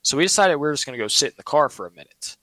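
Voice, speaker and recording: A man's voice: fairly high pitch, big pitch swings, rapid-fire, fairly bright tone, dry recording, low-quality recording. A man telling a personal story in a casual, earnest, rambling way, often restarting his sentences.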